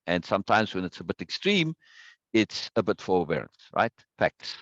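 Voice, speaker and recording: Emphatic man with lively pitch. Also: no echo, lo-fi sound. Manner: emphatic, repeats words for stress; greets viewers by name from chat. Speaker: course teacher. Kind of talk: live online lesson with chat.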